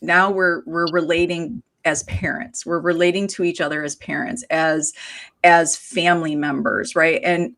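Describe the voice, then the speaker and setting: A woman's voice: fairly low pitch, fairly bright tone. A woman on a podcast making a reflective, persuasive point and often asking "right?". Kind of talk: casual podcast chat.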